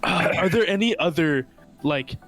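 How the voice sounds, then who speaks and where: A man's voice: a little high, a little slow, faint music behind. A man playing a tabletop game, asking the game master questions and laughing often. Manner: excitable, asks questions, laughs. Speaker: player. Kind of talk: casual tabletop play.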